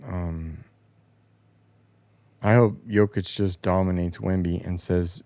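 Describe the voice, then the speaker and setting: A man talking through the standings and schedule as the host of a casual sports show, rambling and opinionated with some swearing. His voice sits on the low side. The sound is dry and close, from a home basement. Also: steady tone, takes it slowly, pauses often, mellow, dry recording. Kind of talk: casual solo sports commentary.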